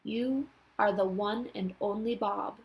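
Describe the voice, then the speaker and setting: A woman voicing a big, gentle male gorilla who speaks slowly and softly in a storybook. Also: medium pitch, steady tone, gravelly. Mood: warm. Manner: slow, soft-spoken.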